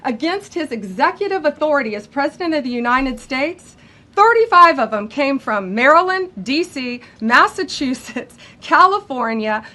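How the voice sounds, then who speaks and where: A woman's voice: high-pitched, very animated, moderate pace, bright, forceful tone. A woman official speaking at a press briefing, emphatic and incredulous as she lists places.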